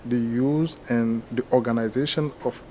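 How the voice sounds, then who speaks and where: A man's voice: medium pitch, steady tone, normal speed, dark tone, a little hiss or hum. Man with a French accent, hesitant. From Ivory Coast. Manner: hesitant, searching for words. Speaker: university lecturer. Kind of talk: interview answers.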